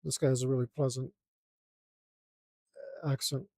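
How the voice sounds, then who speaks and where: A man's voice: mid-range voice, level tone, unhurried, mellow, no echo, studio quality. A young man inking a drawing, casually muttering and criticizing his own lines as he works. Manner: self-critical, mutters to himself while drawing. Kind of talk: casual work-along commentary.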